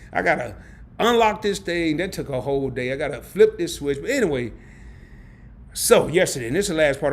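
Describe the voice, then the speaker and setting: A man hosting a casual livestream, telling a story in an animated, slangy way and laughing often. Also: on the high side, creaky. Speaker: travel and credit card channel host. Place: home during a power outage.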